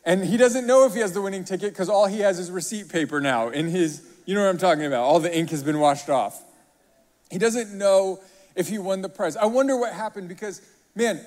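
Animated pastor in a reverberant hall. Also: male voice, a little high, brisk. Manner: animated storytelling, rhetorical questions. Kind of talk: sermon.

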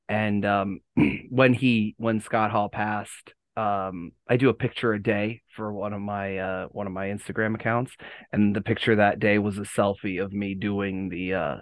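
A man hosting a podcast in casual chat, excitable and quick to laugh. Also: on the low side, no room sound. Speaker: podcast host.

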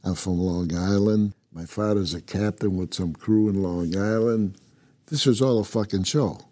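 A man's voice: fairly low pitch, moderate pace, mellow, no room sound. An older man from upstate New York, a former prison inmate telling his story in a blunt, rambling, constantly swearing way. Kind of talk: casual profane storytelling.

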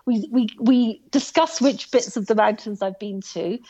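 A woman telling a story about her hike in a casual, animated way, full of asides and restarts. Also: a little high, moderate pace, husky, dull audio. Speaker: guest recounting a hike.

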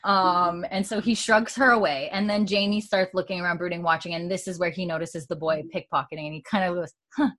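A woman's voice: lowish voice, fairly even intonation, brisk, few pauses, a bit bright. A woman casually recapping a TV episode, acting out the characters' lines, swearing and laughing as she goes. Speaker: podcast co-host recapping a TV episode. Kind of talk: casual chat, animated retelling.

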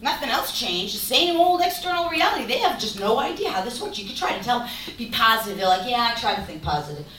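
A woman's voice: fairly high pitch, sing-song, fast talker, fairly bright tone, a little hiss or hum. A woman giving an emphatic spiritual talk, asking rhetorical questions as she explains. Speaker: spiritual speaker. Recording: echoey room from far off.

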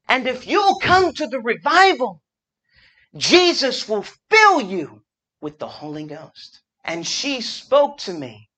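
A man preaching a revival sermon, swinging from shouted fervor to hushed storytelling. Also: high voice, rough recording. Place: church gathering room.

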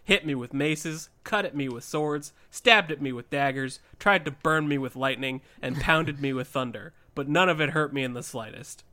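Brief: cocky monkey king read by a man, bright, forceful tone, defiant and mocking. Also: medium pitch, moderate pace, few pauses, close to an everyday voice. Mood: taunting. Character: brash invincible male monkey king, boastful.

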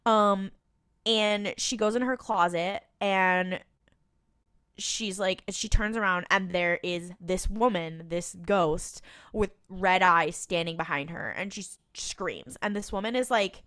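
Smooth, crisp-voiced woman recapping casually. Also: mid-range voice, takes it slowly, a bit bright. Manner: chatty, retells scenes in quoted voices, swears. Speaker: podcast co-host.

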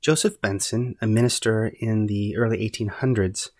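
A man hosting a podcast, giving measured, earnest, scripted Bible-study narration. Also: lowish voice, steady tone, darkish tone. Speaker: podcast host.

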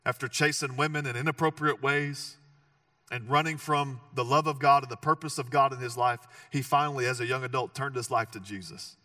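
A man's voice: mid-range voice, steady tone, a little fast, pushed and bright, no room sound, clean studio sound, far from the mic. A man preaching a sermon as pastor, conversational and joking, with emphatic repeated phrases.

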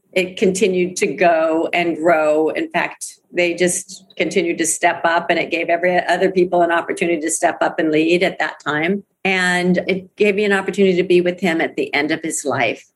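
Low-pitched and husky, a middle-aged woman speaks as an interview guest about her network marketing career in candid conversation. Earnest and emphatic, she repeats phrases to underline them.

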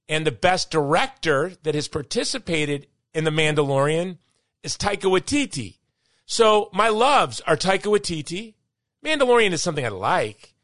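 Emphatic bright-voiced male podcast host. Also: a little high, no room sound, clean studio sound. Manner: emphatic, worked-up yet upbeat. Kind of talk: opinionated monologue.

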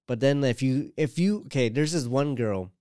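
A man chatting casually, his stories wandering through fillers and quoted asides. His voice is smooth and clear, recorded close and dry. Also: medium pitch, normal speed, warm tone, dry recording. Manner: rambling storytelling, full of "like" and quoted asides. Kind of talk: casual chat.

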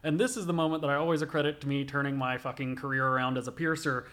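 A man's voice: mid-range voice, steady tone, very fast, fairly bright tone. A young man, a body piercer, telling stories casually in an interview, swearing a lot and filling with "like". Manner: profane, rambling, many "like" fillers.

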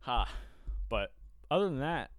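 A young adult man co-hosting a podcast, telling a story in a rambling, profane, animated way. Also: medium pitch, measured pace, dry recording, studio quality, soft background music. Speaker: podcast co-host. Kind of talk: casual chat, storytelling.

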